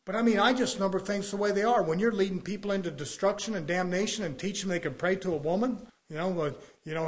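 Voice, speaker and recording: A middle-aged man preaching an impassioned sermon, firing off rhetorical questions and breaking into sudden loud bursts. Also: sits high, fast talker, few pauses. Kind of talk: fiery sermon.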